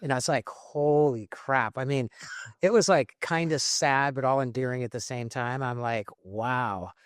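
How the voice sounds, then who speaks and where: Candid, halting man on a podcast. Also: mid-range voice, smooth, no echo, clean studio sound. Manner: candid, halting, many restarts and fillers. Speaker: podcast host. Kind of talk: casual conversational podcast talk.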